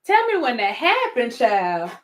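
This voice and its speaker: A woman's voice: fairly high pitch, huge pitch swings, measured pace, fairly bright tone. A woman with a Southern American accent, hosting a casual commentary vlog, sassy and laughing often as she talks to her viewers. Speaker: YouTube commentary host.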